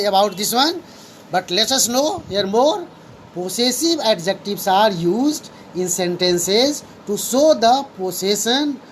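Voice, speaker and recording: Woman, grammar teacher, slow repetitive lesson, faint background noise. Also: a little high, poor audio. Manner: repeats definitions, many "here" and "so students".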